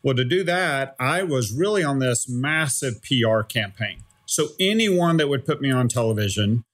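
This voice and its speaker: A middle-aged man, a former startup CEO, tells a story in an animated, conversational interview and keeps checking in with "right?". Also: mid-range voice, normal speed.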